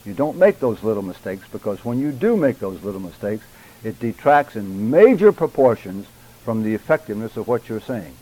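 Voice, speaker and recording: A man lecturing a church class on public speaking, enunciating deliberately and stressing key words, sometimes addressing students by name. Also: lowish voice, very animated, mellow, rough recording. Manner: measured, emphatic, deliberate enunciation.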